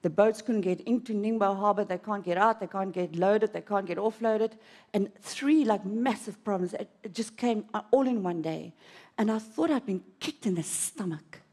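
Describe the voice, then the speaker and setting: A woman's voice: medium pitch, moderate pace, darkish tone. A woman preaching a sermon in an auditorium, telling a personal story with dramatic swings of emotion.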